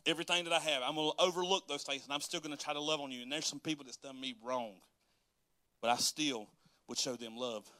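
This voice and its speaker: A man's voice: fairly high pitch, steady tone, fast, bright, forceful tone, dry recording. A man preaching a sermon as pastor, folksy and dialect-heavy, laughing often and acting out quotes.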